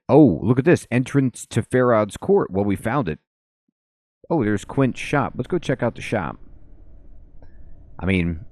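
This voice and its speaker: A man's voice: deep voice, darkish tone, no echo. A man giving casual, offhand commentary while playing a game, with many ums. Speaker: let's play host.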